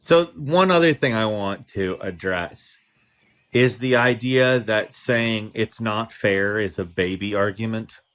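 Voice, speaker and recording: A man's voice: fairly low pitch, slow, a bit bright. A man co-hosting a podcast, arguing his political points in a heated, emphatic way. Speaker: podcast co-host. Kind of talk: casual political discussion.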